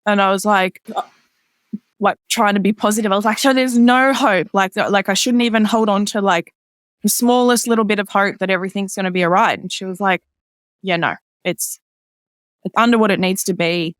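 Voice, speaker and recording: A woman's voice: steady tone, brisk, no echo, clean studio sound. Chatty woman with lots of "like". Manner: chatty, many "like" fillers; acts out others' lines in a higher voice. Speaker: podcast guest. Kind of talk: personal storytelling in casual chat.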